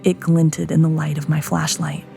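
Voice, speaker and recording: Low, gravelly woman narrating horror. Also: little pitch movement, moderate pace. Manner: hushed, tense storytelling. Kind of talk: scripted first-person horror narration. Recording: narration over soft music.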